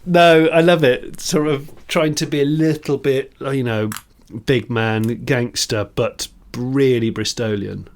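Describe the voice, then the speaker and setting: A man's voice: medium pitch, steady tone, slow, hardly any pauses. English guy rambling thru a story on a podcast, lots of restarts and chuckles. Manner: rambling anecdotes with laughs and restarts. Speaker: podcast co-host. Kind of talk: casual chat.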